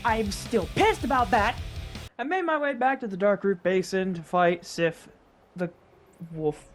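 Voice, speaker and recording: A woman's voice: medium pitch, unhurried, faint music behind. A woman narrating her own gameplay footage in casual commentary, exasperated, self-mocking and swearing freely. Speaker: gaming YouTuber.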